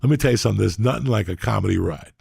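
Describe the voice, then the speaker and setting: A male podcast host swapping loud, crude road stories with guests. His mid-pitched voice has a gravelly rasp. The recording is dry and close. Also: very fast, no room sound. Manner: boisterous, crude storytelling. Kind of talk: casual podcast chat.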